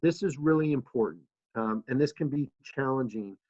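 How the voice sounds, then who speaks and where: A man who works as a city manager, giving a relaxed, conversational presentation to council members, with fillers as he tells stories. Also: mid-range voice, moderate pace, dull audio.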